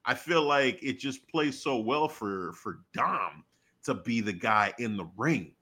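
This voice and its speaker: Lively, bright-voiced male stream host. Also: medium pitch, a little slow, slightly rough. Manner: animated, laughs often, loose filler-heavy talk. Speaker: co-host of a wrestling talk stream. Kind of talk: casual chat.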